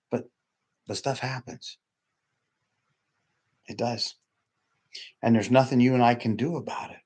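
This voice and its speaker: A middle-aged man preaching a sermon in a church hall, blunt and emphatic, with sudden loud high bursts. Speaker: pastor. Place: church hall with doors opening.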